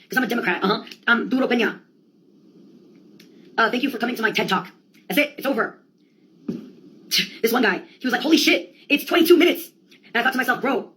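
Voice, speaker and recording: Fast-talking husky woman, rambling comic monologue. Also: on the high side. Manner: profane, rambling, deadpan asides. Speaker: comedian.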